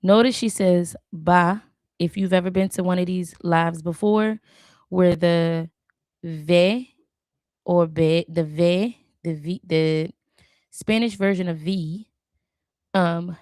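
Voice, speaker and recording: A woman with a low, gravelly voice talks slowly through a live study session. She repeats each word aloud and corrects herself as she goes, in a casual, chatty way. The sound is dry and close. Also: steady tone, a little mellow, no echo. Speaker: language learner hosting a live stream.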